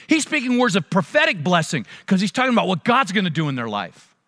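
A male pastor with a high, bright voice preaches a sermon quickly, with huge swings in pitch. He tells stories animatedly and acts out the voices of the people in them, while a large hall's long reverb trails his words.

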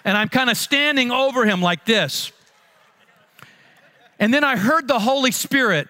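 A man, a pastor, telling a funny story in a sermon with animated, self-mocking comic timing. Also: extremely high pitch, a little slow.

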